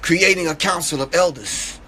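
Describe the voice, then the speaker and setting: A man's voice: a little high, moderate pace, pushed and bright, slightly rough. A man being interviewed in a casual conversation, speaking emphatically and often checking that the listener is following. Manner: emphatic, repeats "you understand what I'm saying". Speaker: interview guest.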